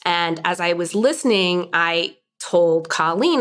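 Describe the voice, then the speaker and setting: A woman in her forties, a lawyer by trade, speaks as a guest on a casual podcast. She explains things in a measured, articulate way, recorded in a hair salon. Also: fairly low pitch, lively intonation, fairly bright tone, clean tone. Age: 40s. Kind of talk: casual interview.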